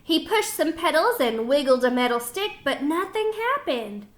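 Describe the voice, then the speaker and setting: A woman's voice: high voice, big pitch swings, moderate pace. A woman teacher reading a picture book aloud to children, stopping to explain words and ask them questions. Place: home kitchen.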